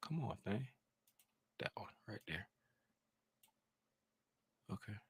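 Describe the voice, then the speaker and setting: A man hosting a casual trading livestream from his home desk, rambling and animated, getting loud when he is fired up. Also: on the low side, takes it slowly, breathy edge, no room sound.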